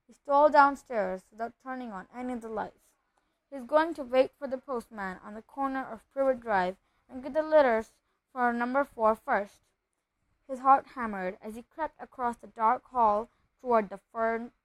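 A woman's voice: fairly high pitch, no room sound, poor audio. Woman reading a storybook aloud. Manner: steady reading with occasional slips and restarts. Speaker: reader. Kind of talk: reading a children's novel aloud.

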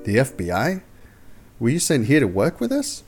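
A man's voice: medium pitch, normal speed, loud music behind the voice, voice pushed up. A man doing an eager young rookie cop. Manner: earnest, excitable, flustered.

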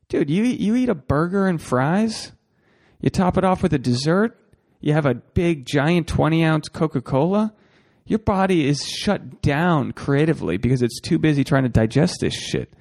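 A male podcast host with a gravelly, creaky edge to his mid-pitched voice. He rambles through a solo monologue, cursing casually and calling his listeners "folks." His tone stays loose and conversational as he restarts his sentences. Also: darkish tone. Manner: rambling, profane, talks straight to listeners as folks. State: a bit out of breath.

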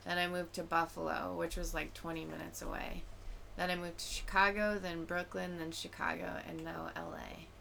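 Young woman podcast host, joking and animated, gravelly voice over noticeable background noise. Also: on the low side, moderate pace. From Middletown, New York. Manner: joking, animated, laughs often. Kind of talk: casual chat.

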